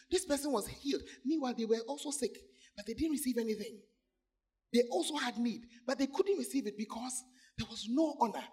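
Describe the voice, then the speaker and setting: A man's voice: very high voice, darkish tone, husky. A man pastor preaching a sermon, calling out to the congregation and laughing between points.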